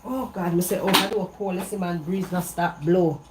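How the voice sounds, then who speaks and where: A woman's voice: lowish voice, steady tone, brisk, background noise. A Jamaican woman in a casual gossip monologue, repeating herself for emphasis in patois, speaking outdoors in an evening breeze. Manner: repetitive, emphatic storytelling in patois. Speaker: vlogger.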